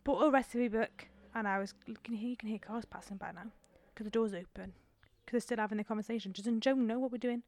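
A woman in her twenties co-hosts a podcast, chatting casually at home and telling a rambling, self-mocking story. Her voice sits on the high side and is a little mellow, with fairly even intonation, and she talks fast with hardly any pauses. The door of the room is open, and traffic can be heard outside.

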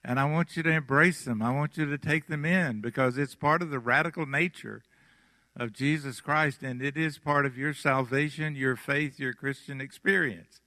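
A pastor from Mississippi with a Southern accent, preaching a sermon with slow, emphatic phrasing, dramatic pauses and softly trailing endings. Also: male voice, mid-range voice, dry recording.

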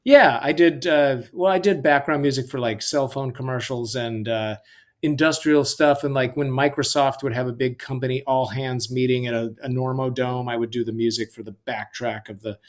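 A man's voice: medium pitch, fairly even intonation, moderate pace. A middle-aged man, a musician, talking as the guest in a casual interview, easygoing and full of fillers.

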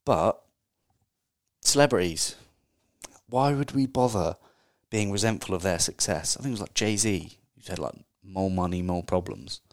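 A man's voice: lowish voice, moderate pace. A man hosting a casual solo podcast, talking in a chatty, candid way and swearing offhandedly. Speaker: podcast host.

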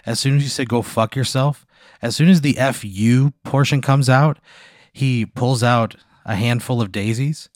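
A man narrating an improvised story as game master, with vivid, deadpan description. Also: medium pitch, moderate pace, dry recording, studio quality.

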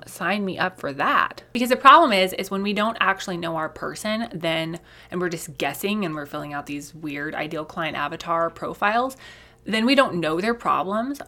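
A woman hosting a solo marketing podcast, talking casually with lots of "like"s and quick laughs. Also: on the low side, fairly bright tone. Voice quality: chatty, many "like"s, laughs often. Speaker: podcast host, marketing coach.

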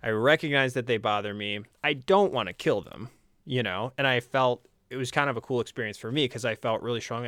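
A man chatting as a podcast guest, telling stories with animated quoted voices. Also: a little fast, no echo, clean studio sound. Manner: animated storyteller, acts out quotes in a high voice. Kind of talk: casual conversation.

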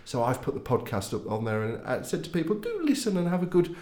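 A man's voice: a little high, huge pitch swings, quick pace, darkish tone. A man hosting a casual podcast, teasing his co-host and signing off in a jokey, self-mocking way. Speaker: podcast host, newspaper editor. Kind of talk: casual podcast banter and sign-off. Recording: roomy studio echo.

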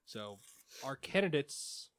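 A male podcast host talks through a casual sports show in a laid-back way, full of ums and uhs. His mid-range voice is very animated and fairly bright, he takes things slowly, and there's no room sound.

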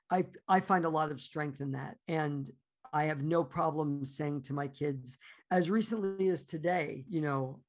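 A man's voice: a little high, vocal fry. A man in his forties, a podcast guest talking candidly and reflectively about himself, often trailing off.

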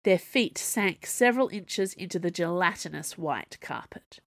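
A woman narrating a story aloud in an expressive, wry manner. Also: on the low side, a little slow, vocal fry, dry recording, clean studio sound. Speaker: audiobook narrator.

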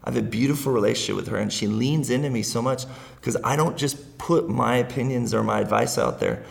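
A man's voice: medium pitch, very animated, fairly quick, creaky. A middle-aged man speaking as a guest in a casual interview, earnest and rambling, often laughing as he talks.

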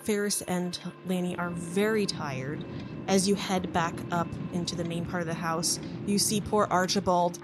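A woman narrating as game master of a tabletop role-playing game, relaxed and storytelling. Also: lowish voice, moderate pace, over music.

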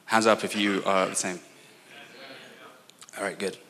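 A man in his twenties with an English accent, preaching as a guest speaker, earnest and prone to quick asides and restarts. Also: low voice, level tone, sharp tone. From England. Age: 20s. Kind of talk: sermon.

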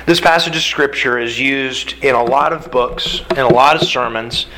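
A man's voice: medium pitch, normal speed, noisy background. A man preaching a sermon, telling the story emphatically with repeated phrases. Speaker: pastor.

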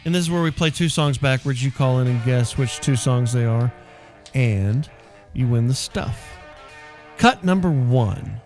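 A man hosting a weekend morning radio show. He talks in a casual, rambling way and jokes with his co-host, with a middle-pitched voice. Faint guitar music plays underneath. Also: expressive, unhurried, a little mellow. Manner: loose, joking, rambling.

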